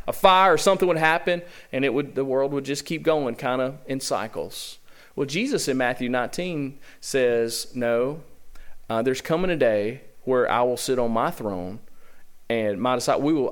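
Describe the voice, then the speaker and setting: A man preaching a sermon to his church as senior pastor, with a Southern American accent and an emphatic style built on rhetorical questions. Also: medium pitch. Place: church sanctuary.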